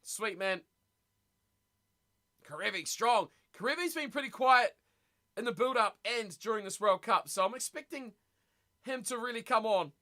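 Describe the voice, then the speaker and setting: A man hosting a live watch party stream, reacting excitedly to a rugby match and chatting with viewers. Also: high voice, moderate pace, pauses often. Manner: excitable, chatty, reads viewer messages aloud.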